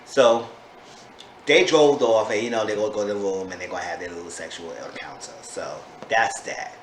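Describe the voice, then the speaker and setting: A man giving a casual, gossipy recap of a reality show episode. He sometimes breaks into sudden high-pitched disbelief. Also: steady tone, normal speed. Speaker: TV show reviewer. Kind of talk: casual chatty recap vlog. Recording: echoey room with faint background noise.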